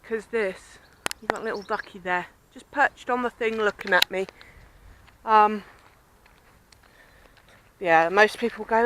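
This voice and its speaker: A woman's voice: mid-range voice, a little slow, long pauses, background noise. A woman from Southampton with a southern English accent, chatting and rambling in a casual vlog as she walks by a river. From Southampton, southern England. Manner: chatty, rambling, self-described babbling. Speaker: vlogger. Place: outdoors by a river with swans and ducks.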